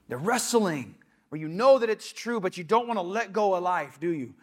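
This pastor's high voice has lively intonation and a moderate pace. A young adult man, he delivers a casual sermon in the church sanctuary, conversational in tone and sprinkled with quoted asides.

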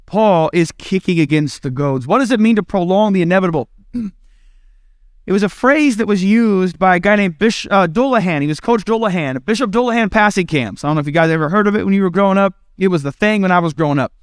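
A man's voice: high voice, quick pace, clean tone, dry recording, studio quality. A middle-aged male pastor from the American Midwest, preaching in a conversational, self-deprecating way and acting out quoted lines. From Indiana, United States. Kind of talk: sermon.

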